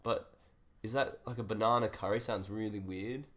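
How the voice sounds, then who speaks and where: A man's voice: fairly low pitch, steady tone, normal speed, fairly bright tone. A man co-hosting a comedy podcast, rambling and laughing at himself. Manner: laughing, rambling, self-mocking. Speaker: co-host. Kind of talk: casual comedy podcast chat.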